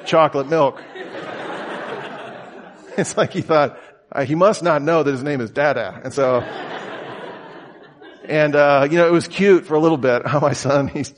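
Speaking at medium pitch, this thirtysomething preacher gives his sermon in a conversational style, casually telling stories and performing the voices he quotes.

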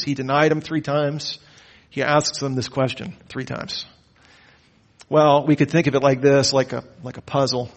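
A man teaching a Bible lecture, with a lively, questioning delivery and mock-incredulous asides. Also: medium pitch, moderate pace. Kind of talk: lecture on the Gospels.

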